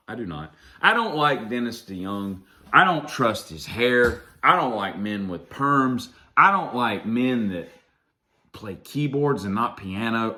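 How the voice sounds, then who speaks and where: A man's voice: mid-range voice, bright, forceful tone. A man in a casual, sarcastic rant about music, mocking and drawling through his asides. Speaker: vlogger ranting about music.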